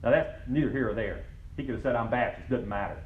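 A man's voice: medium pitch, quick pace, narrow, tinny audio, slight background noise. A man pastor preaching a sermon, building to emphatic, rising passages.

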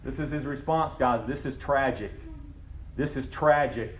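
A man's voice: medium pitch, a little fast, fairly bright tone. A man pastor preaching a sermon, building to emphatic, rising passages.

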